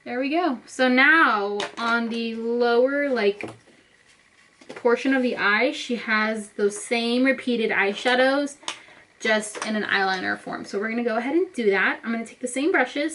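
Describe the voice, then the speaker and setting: A young woman with a fairly high voice, chatting casually to her viewers. She talks through each makeup step as she goes, easygoing and conversational. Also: fairly bright tone, a little hiss or hum, rough recording. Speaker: beauty vlogger. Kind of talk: casual makeup tutorial talk.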